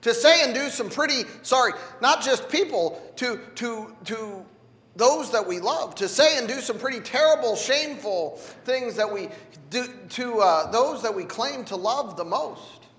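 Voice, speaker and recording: Male pastor, high voice, playful sermon with a conversational feel, recorded in a church with reverb. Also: animated, unhurried, fairly bright tone. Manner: conversational and playful, asks the congregation for responses. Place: church sanctuary. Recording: echoey hall.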